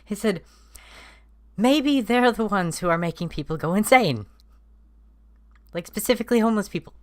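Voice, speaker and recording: A woman's voice: medium pitch, expressive, a little fast, darkish tone. A woman playing a tabletop role-playing game, speaking in character in a polite, mildly puzzled way. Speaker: player.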